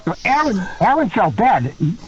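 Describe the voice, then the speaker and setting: A man tells a story in a high, lively voice that rises and falls a lot. He acts out other people's lines and laughs as he goes. The recording is muffled and lo-fi, with a faint hiss. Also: moderate pace. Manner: animated storyteller who acts out quotes and laughs. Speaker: guest, former wrestler. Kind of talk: podcast storytelling. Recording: dull lo-fi sound with faint noise.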